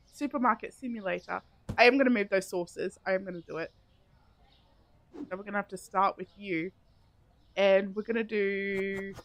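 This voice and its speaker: A woman's voice: medium pitch, bright, forceful tone. A woman live-streaming a game, chatting casually with viewers, giggling often and thinking aloud as she plays. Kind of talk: casual live-stream chat while playing.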